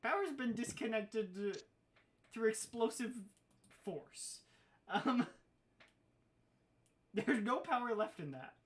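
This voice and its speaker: A woman's voice: a little high, expressive, very slow, pauses often. Laughing woman running a tabletop game. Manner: laughs often while narrating. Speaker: game master.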